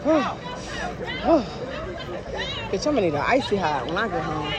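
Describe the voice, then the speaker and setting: A young woman vlogging on her phone at an outdoor water park obstacle course, out of breath, loud and laughing, teasing and swearing in casual chat. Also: on the low side, sing-song, normal speed. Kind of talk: casual vlog chatter. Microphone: handheld phone camera. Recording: noisy outdoor crowd audio.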